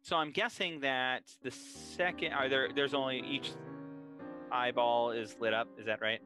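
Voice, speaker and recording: A man's voice: medium pitch, steady tone, unhurried, music in the background. A man playing a tabletop game, reasoning aloud in a hesitant, casual way. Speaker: player.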